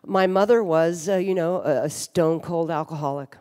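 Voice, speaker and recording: Warm and low, at a moderate pace, a woman in her fifties speaks candidly on stage at a recovery conference about her life, with dry humor and the occasional blunt swear word. The talk echoes through the large hotel ballroom where she stands.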